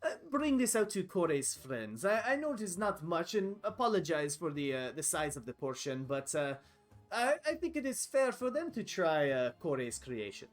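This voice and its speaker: A proud master chef who speaks formally and in measured tones, voiced by a man running a tabletop game. He sounds a little higher than an average man, with faint music playing behind him. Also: very animated. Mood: gracious.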